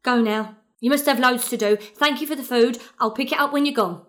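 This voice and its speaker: A fond, grieving working-class mother with a Cockney accent, played by a woman in a radio play. Her voice sits a little high, and she rambles in an earnest, apologetic way. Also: a little fast, fairly bright tone, close to an everyday voice. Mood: apologetic pleading. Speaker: actor in an audio drama.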